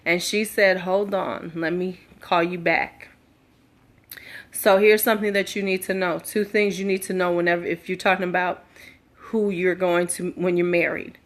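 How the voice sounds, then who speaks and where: A woman's voice: lowish voice, little pitch movement, moderate pace. A middle-aged woman candidly telling a personal story live, acting out quoted dialogue with emphasis. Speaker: livestream storyteller.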